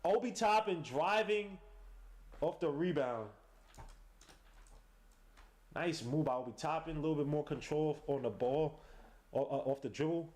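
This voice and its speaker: A man hosting a podcast, giving live play-by-play commentary on a game he is watching, excitable and slangy, bursting into shouts at big plays. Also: on the high side, normal speed, pauses often. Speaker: podcast host.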